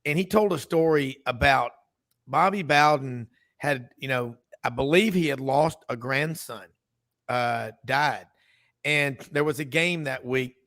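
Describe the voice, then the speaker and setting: A man's voice: mid-range voice, unhurried, a bit bright. A man hosting a sports radio talk show, telling rambling stories full of asides and restarts.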